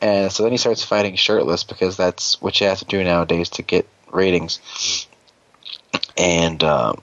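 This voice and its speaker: A man with a deep, low voice recaps an episode in loose, rambling podcast chat, swearing freely and cracking jokes as he goes. The sound is dull and lo-fi, dry and close with no room to it. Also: fairly even intonation, moderate pace, fairly bright tone, no echo. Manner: rambling, profane, joking. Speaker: podcast host.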